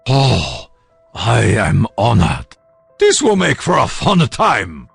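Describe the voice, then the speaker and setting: A solemn, honor-bound warrior from a game, speaking in formal declarations. The voice is raspy and gravelly and swings widely in pitch. The sound is dry and close. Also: male voice, huge pitch swings, slow, no room sound, faint music behind, exaggerated voice. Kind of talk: video game voice lines.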